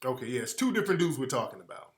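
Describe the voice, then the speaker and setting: A man's voice: mid-range voice, very animated, rapid-fire, echoey room. A man hosting a radio talk show, talking to listeners in a loose, slangy, rambling way and trailing off while he looks things up. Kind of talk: casual commentary to listeners.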